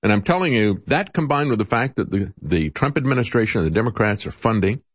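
A man's voice: fast, breathy edge, no echo. A man hosting a political talk show, giving opinionated commentary with sarcasm and mocking voices when he quotes others. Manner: animated, rising pitch in quotes.

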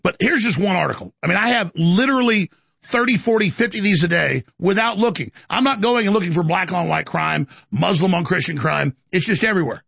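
Gravelly high-voiced ranting man. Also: expressive, brisk, fairly bright tone, no room sound. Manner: rambling, stammering restarts. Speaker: talk show host taking calls. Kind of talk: ranting political talk.

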